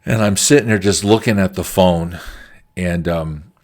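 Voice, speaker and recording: A man's voice: deep voice, a little slow, darkish tone. A man teaching quality management through conversational stories from his work. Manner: conversational, anecdotal. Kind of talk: storytelling lecture.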